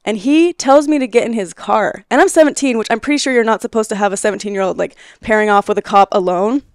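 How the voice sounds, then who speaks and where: A young woman in her twenties with a smooth, clear voice, telling a story as a podcast guest. She is animated and laughs often, acting out quoted lines as she goes. The sound is dry and close, with no room echo. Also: medium pitch, quick pace. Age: 20s. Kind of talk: casual storytelling conversation.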